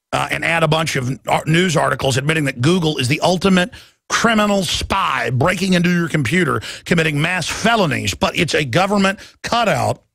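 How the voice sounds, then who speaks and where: Gravelly, intense male radio host. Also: a little high, a bit bright, dry recording, studio quality. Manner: impassioned, ranting, mimics others in quoted voices. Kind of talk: talk radio monologue.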